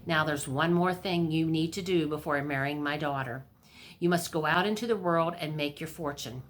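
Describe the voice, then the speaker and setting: A woman voicing a scheming, pushy king in a storybook reading, talking brisk and excitable. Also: deep voice, close to an everyday voice.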